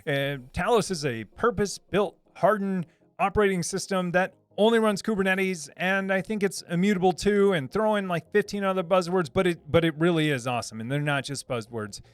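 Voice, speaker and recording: A man's voice: high voice, fairly quick, clean tone, no room sound. A man hosting a live stream, reading chat messages aloud in a casual, upbeat way, repeating himself with lots of fillers and restarts. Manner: upbeat, repeats words, many fillers and restarts, laughs often. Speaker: livestream host reading chat.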